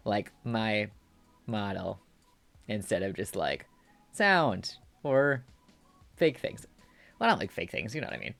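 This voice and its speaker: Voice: medium pitch, very animated, slow pace, creaky, long pauses, fairly bright tone, no echo, soft background music. A streamer chatting casually and rambling, often restarting and laughing at themself. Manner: rambling, self-deprecating, giggly.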